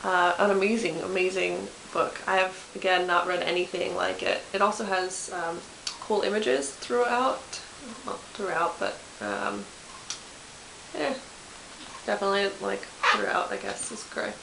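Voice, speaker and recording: A woman's voice: mid-range voice, steady tone, a little slow, gravelly, fairly bright tone. Chatty young woman, echoey room. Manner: chatty, self-deprecating, many fillers and restarts. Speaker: book vlogger. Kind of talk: casual chat. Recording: echoey room with faint hiss.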